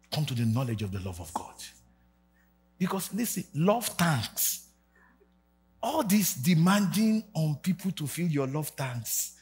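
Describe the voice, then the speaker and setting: A Nigerian man in his forties preaching a sermon, swinging from shouted rallying calls to low quiet asides. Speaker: pastor. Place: church hall with congregation.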